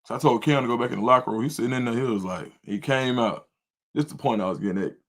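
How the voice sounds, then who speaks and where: A middle-aged man, telling a story in casual livestream chat as a volunteer coach and host, getting loud and high when he quotes himself. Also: fast talker. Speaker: volunteer youth football coach and show host.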